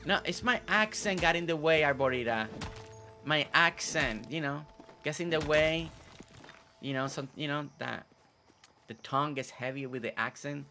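A man's voice: a little high, moderate pace, sharp tone, soft background music. A man whose first language is not English, chatting casually over his gameplay. He repeats himself and stumbles over tricky names. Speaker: gameplay video host.

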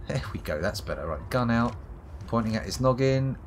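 A southern English streamer from near London, he has a fairly low voice with lively intonation and speaks at normal speed over a faint hiss or hum. He mutters to himself while giving sardonic, profanity-laden live commentary on his game.

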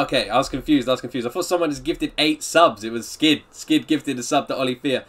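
A man's voice: mid-range voice, brisk, hardly any pauses, fairly bright tone. A man live-streaming a reaction, chatting upbeat with his viewers and greeting them by name. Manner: upbeat, greets and answers viewers' chat often.

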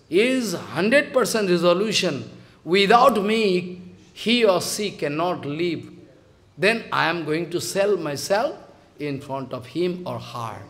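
A high-pitched man with a Bengali accent preaches a devotional sermon as a spiritual teacher, emphatic and scolding in tone, repeating phrases and acting out quotes.

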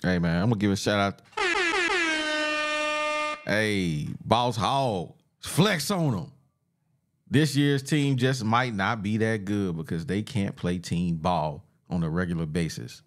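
A man co-hosting a sports podcast, giving animated, slangy shout-outs. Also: on the low side, slow. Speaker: podcast co-host. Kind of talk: casual sports podcast chat.

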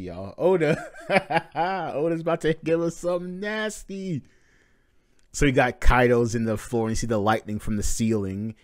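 A man hosting a live manga reading reaction, narrating panels with excited swearing and casual talk. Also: medium pitch, dry recording, studio quality.

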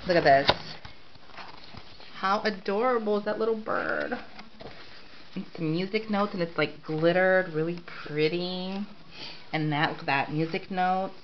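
A slightly low-voiced woman chats through her craft haul, gushing over each cute find. The sound is dull and lo-fi, with a faint hiss underneath. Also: measured pace, pauses often. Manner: gushing, enthusiastic about cute craft supplies. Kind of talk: casual show-and-tell.

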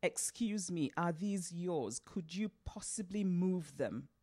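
A woman's voice: low voice, normal speed, a little mellow, close to an everyday voice. A woman reading a composed young heroine. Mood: precise. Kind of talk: read-aloud fiction.

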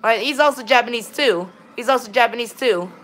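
A woman's voice: on the high side, fairly quick, a bit bright, soft background music. A woman chatting casually with viewers while streaming a game, often stammering, restarting and saying "all right, then". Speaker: gaming livestreamer. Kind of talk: casual livestream chat with viewers.

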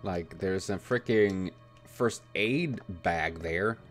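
A man giving let's play commentary, exasperated and swearing constantly, with sudden loud outbursts. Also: deep voice, slow, soft background music. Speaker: gaming channel host.

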